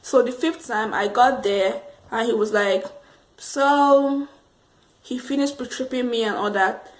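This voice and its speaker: A woman telling a casual storytime monologue to camera, rambling and animated, laughing often. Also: a little high, a little slow. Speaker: vlogger.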